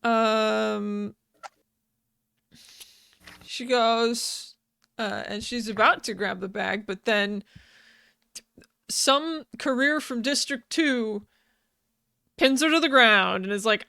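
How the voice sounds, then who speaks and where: A woman's voice: fairly high pitch, extremely slow, vocal fry, long pauses, sharp tone, smooth, no echo, studio quality. A woman co-hosting a podcast, casually recapping a book's plot, swearing freely and laughing often between sentences. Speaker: podcast co-host. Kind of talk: casual book recap chat.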